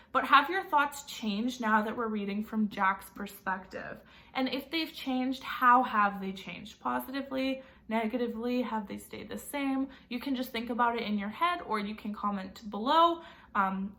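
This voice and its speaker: A woman's voice: a little high, pushed and bright. A woman teacher reading a novel aloud and asking her students friendly questions.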